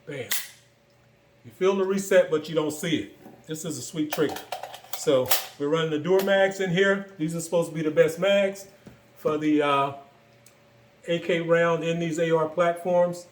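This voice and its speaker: A man casually walking through his own gun builds, relaxed and rambling, with many fillers and pauses. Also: fairly high pitch, roomy sound, slight background noise. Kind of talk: casual product walkthrough.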